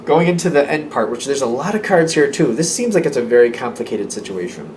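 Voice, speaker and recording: This tarot reader is a man whose mid-range voice is expressive and darkish in tone, moving fairly quickly. He chats repetitively through a casual reading, laughing lightly between thoughts, far from the mic with a faint room-ambience hum behind him.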